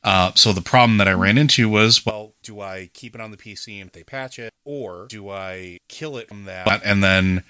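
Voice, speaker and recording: Here a man co-hosts a podcast, his talk loose and rambling and full of filler words. He speaks in a lowish, bright, forceful voice at normal speed with few pauses.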